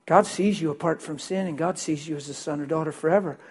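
Male pastor, fairly high husky voice, animated sermon storytelling, drops to a hush then bursts out loud. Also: fast talker. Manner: animated, swings between loud and hushed.

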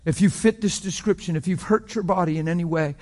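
A man preaching a sermon as pastor, passionate, swinging from hushed storytelling to loud exclamations. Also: high-pitched, fast.

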